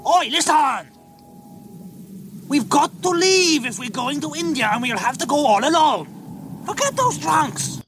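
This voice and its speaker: A brash shrill monkey king. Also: big pitch swings, a little slow, long pauses, slight background noise, full character voice. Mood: urgent, impatient. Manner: urgent, bossy shouting. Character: brash impatient male monkey king, dubbed. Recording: archive TV clip with music, from a distance.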